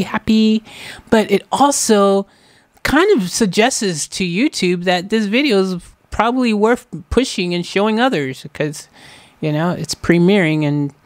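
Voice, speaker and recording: Music reaction host, casual joking commentary, teasing, mid-pitched voice, dry close sound. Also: no echo. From United States. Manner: playful, teasing, joking to viewers.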